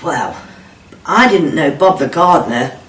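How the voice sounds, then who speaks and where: A man's voice: fairly high pitch, animated, fairly bright tone, a little hiss or hum. A middle-aged man speaks bluntly in an interview, swearing and stumbling over his words as he recounts events. He sits back from the mic, so his voice sounds distant in a roomy, echoing space with faint ambience behind it. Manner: blunt, sweary, halting retelling. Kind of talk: personal testimony.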